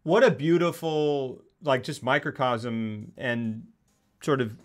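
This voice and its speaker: A man co-hosting a casual film discussion, rambling with many fillers and jumping into animated impressions of scenes. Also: mid-range voice, slow. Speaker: podcast co-host.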